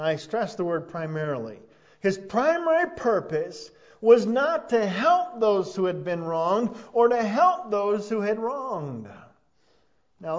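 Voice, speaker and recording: Earnest male preacher, somewhat high voice, dull lo-fi sound. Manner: earnest, rising to emphatic peaks then dropping soft. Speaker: pastor. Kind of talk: sermon.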